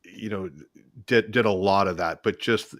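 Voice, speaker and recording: Low-voiced man, dry close sound. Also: normal speed, fairly bright tone, no room sound. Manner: storytelling, many restarts. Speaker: co-host. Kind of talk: casual video chat.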